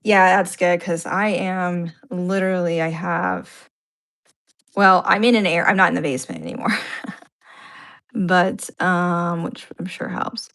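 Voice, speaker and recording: Woman, casual livestream co-host, slightly low voice, rambly and self-mocking. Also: steady tone, measured pace, gravelly, fairly bright tone. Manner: chatty, self-deprecating, rambling with fillers. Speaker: co-host of art live stream. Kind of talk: casual chat. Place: home upstairs room.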